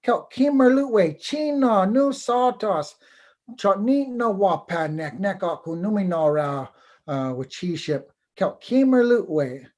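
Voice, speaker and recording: A man's voice: sits high, expressive, takes it slowly, a little mellow, voice pushed up. A man voicing a vain male dogwood tree in a spoken folk tale, haughty and scornful.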